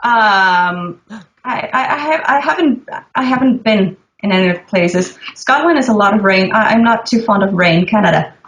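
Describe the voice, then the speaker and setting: A woman's voice: mid-range voice, animated, moderate pace, fairly bright tone. A young woman with a Danish accent, a rock vocalist talking candidly as a guest, with some swearing. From Denmark. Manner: candid, swears, laughs easily. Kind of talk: casual interview chat. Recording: echoey room.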